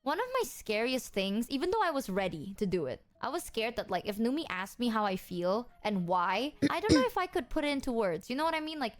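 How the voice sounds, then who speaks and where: A young woman with a high voice that leaps all over the place tells a story on a stream. She is animated, swears freely and keeps reaching for "like". This is casual streamer storytelling. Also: brisk, hardly any pauses. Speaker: guest streamer.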